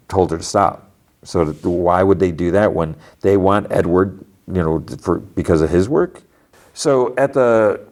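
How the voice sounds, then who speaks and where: A man with a very low voice talks through a show recap in loose, casual chat. He keeps restarting his sentences and leans on fillers as he goes. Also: a little mellow. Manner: rambling, filler-heavy retelling with many restarts. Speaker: podcast host.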